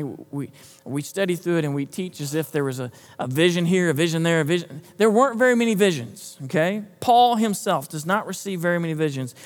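A man preaching a sermon, talking conversationally, quizzing the congregation and repeating himself as he goes. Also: on the high side. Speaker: pastor. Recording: echoey hall, long reverb.

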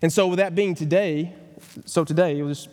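A man preaching a sermon as pastor, earnest and emphatic, slowing down to stress key phrases. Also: on the high side, warm tone, in a large hall. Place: church sanctuary.

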